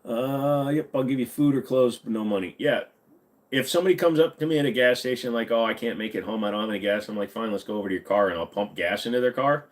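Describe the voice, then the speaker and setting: With a mid-range voice and a quick pace, an American man in his forties runs a livestream, casually fielding viewer comments. He rambles, curses freely, speaks bluntly, and sounds weary.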